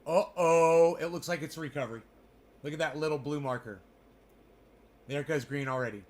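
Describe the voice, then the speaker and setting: A crypto livestreamer comments live, rambling and swearing as he talks to his chat. His voice is a little high and darkish in tone, at a moderate pace.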